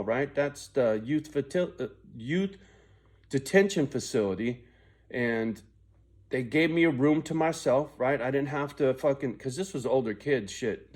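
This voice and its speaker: Middle-aged guy rambling through his story, swears a lot, average pitch voice. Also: darkish tone. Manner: profane, rambling, confiding. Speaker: vlogger. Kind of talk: personal storytelling vlog.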